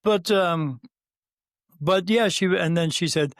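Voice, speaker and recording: A man's voice: high voice, slow, dry recording, studio quality. A man in his fifties, a guest on an interview, telling a personal story with many fillers and restarts and acting out the quoted dialogue. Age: 50s. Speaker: guest, spirit medium.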